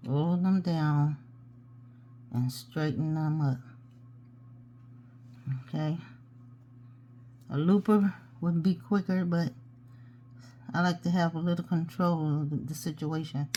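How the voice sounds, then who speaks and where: A woman's voice: low voice, takes it slowly, long pauses, warm tone, dull audio, slight background noise. A woman hosting a hands-on craft tutorial, chatting casually and talking to herself as she works. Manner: chatty, talks to herself while working. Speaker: jewelry-making tutorial host.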